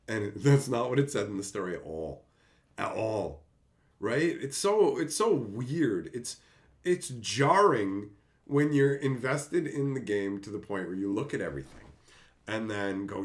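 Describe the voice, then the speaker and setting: A man's voice: lowish voice, lively intonation, a little slow. A man casually ranting on a livestream, reading chat aloud, laughing and swearing as he gets worked up.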